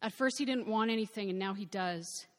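A woman's voice: high-pitched, expressive, moderate pace, a bit bright, long reverb tail, voice pushed up. A woman doing a stern, tired woman. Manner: stern, weary.

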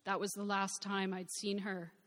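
A woman narrates a first-person novel in a reflective, measured voice. Her pitch sits in an ordinary middle range for a woman. The recording carries a long reverb. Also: level tone, a bit bright.

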